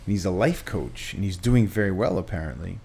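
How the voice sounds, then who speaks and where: A man's voice: low-pitched, expressive, a little fast, vocal fry, darkish tone, a little hiss or hum. A man, a trainer and gym owner, telling a long story in conversation, with restarts and acted quotes.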